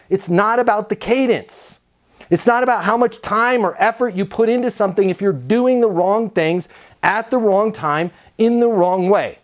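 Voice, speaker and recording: A man with a fairly high voice tells an energetic story in a casual, conversational way. He sounds relaxed and animated, like he is speaking to a room of salespeople. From United States. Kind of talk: storytelling talk.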